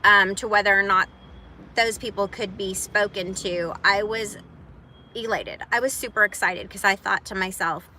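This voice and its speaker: A woman talking live to her viewers in a halting, emotional way, close to tears and apologizing as she goes. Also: medium pitch, fairly even intonation, pushed and bright, a little hiss or hum, low-quality recording. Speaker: vlogger, single mom. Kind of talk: emotional live-stream talk.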